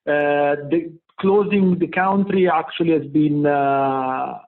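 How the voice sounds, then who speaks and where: A man's voice: a little high, steady tone. Italian-accented man on a tinny line. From Italy. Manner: halting, many "uh" pauses. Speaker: company CEO guest. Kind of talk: remote interview. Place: home office in Milan.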